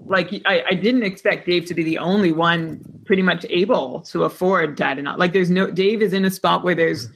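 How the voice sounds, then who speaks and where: A man's voice: sits high, moderate pace, vocal fry, hardly any pauses, fairly bright tone. A man co-hosting a podcast, talking casually and a little hesitantly. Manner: hesitant, many fillers. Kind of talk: casual chat.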